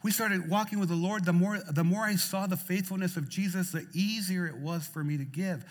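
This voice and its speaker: A male pastor preaching a sermon in a church, repeating phrases and swinging between loud, stirring lines and soft ones. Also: sits high, a little fast. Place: church sanctuary. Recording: church hall reverb.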